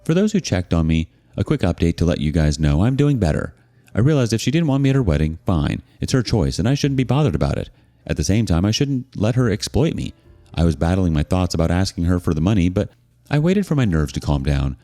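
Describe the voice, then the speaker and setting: A man narrating a story in a low, warm voice that rises and falls a lot. He tells it expressively, with a sarcastic bite in his asides, over faint background music. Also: very animated, fairly quick. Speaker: narrator of reader stories. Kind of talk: scripted narration.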